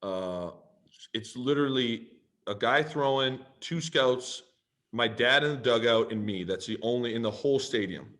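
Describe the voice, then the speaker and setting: A man tells a long personal story on a podcast. His delivery is animated and loose, with frequent swearing. He acts out both sides of each conversation as he goes. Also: medium pitch, moderate pace. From Canada. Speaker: podcast guest, pro football player. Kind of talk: casual storytelling.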